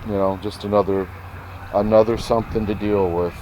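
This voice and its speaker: Low-voiced man rambling in his shop. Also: steady tone, fairly quick, dark tone, lo-fi sound. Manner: rambling, self-talking, clears throat often. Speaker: vlogger. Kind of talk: casual vlog chat.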